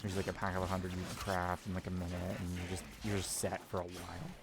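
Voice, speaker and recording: A man swearing and rambling casually as he streams a video game, reacting loudly to what happens on screen. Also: low voice, flat delivery, fast talker, over music. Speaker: gaming streamer. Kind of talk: casual gameplay commentary.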